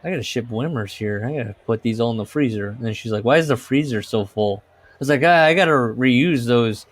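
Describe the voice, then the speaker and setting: A man's voice: medium pitch, fairly quick, no echo. Male podcast co-host, loose rambling anecdotes, frequent laughs, salty language. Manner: rambling storyteller, laughs often, swears. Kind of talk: casual chat.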